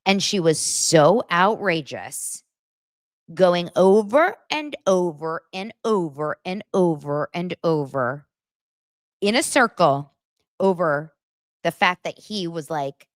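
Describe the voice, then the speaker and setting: A woman's voice: fairly low pitch, lively intonation, takes it slowly, no room sound, clean studio sound. A woman hosting a casual gossip podcast, talking bluntly and sarcastically. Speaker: podcast host.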